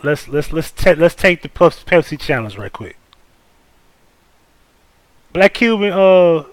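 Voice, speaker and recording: Animated, blunt male livestream host. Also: on the high side, slow, long pauses, no echo. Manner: blunt, profane, animated, talks to chat. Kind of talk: casual live commentary.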